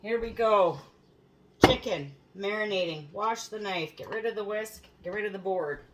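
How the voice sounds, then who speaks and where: A woman's voice: mid-range voice, moderate pace, very noisy. A woman hosting a home cooking show, chatting casually in her kitchen, swearing freely and laughing at her own stories.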